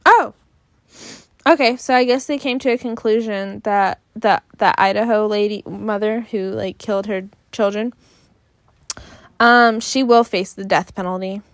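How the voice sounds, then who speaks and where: A tired young woman hosts a casual solo podcast, holding her phone close as she sighs, yawns, and rambles through fillers. Her mid-range voice is steady and unhurried, and the sound is clean, studio-like, with no echo.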